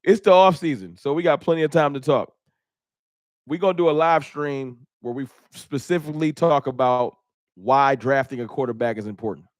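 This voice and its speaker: A man's voice: mid-range voice, normal speed, no room sound, studio quality. A man hosting a fan live stream, chatting casually and animatedly, joking and laughing at his own bits.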